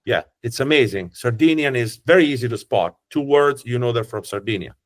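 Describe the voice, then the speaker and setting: A man with an Italian accent, a tour guide explaining regional languages in an animated way. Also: medium pitch, brisk. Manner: animated, often imitates the sounds he describes. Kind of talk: explanatory talk.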